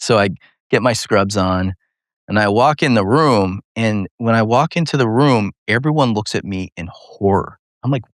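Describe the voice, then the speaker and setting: Low-voiced man telling a lively story. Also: moderate pace, dry recording, clean studio sound. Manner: animated, laughs often, many fillers like "you know". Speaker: neurosurgeon and podcast host. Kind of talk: personal storytelling in an interview.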